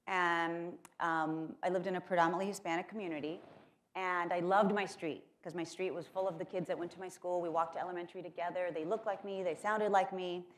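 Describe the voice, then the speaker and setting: A woman's voice: lowish voice, fairly even intonation, a little fast, slight background noise. A woman from Texas giving a keynote speech, telling chatty, self-mocking stories with lots of fillers. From Corpus Christi, Texas. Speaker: keynote speaker. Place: lecture hall at a conference.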